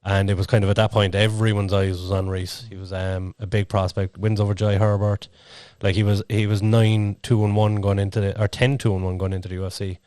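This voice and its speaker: A man co-hosts a podcast and also interviews, chatting casually with rambling, filler-heavy storytelling. His voice is on the low side and a little mellow, with little pitch movement and a brisk pace that leaves hardly any pauses. The recording is dry, with a clean studio sound.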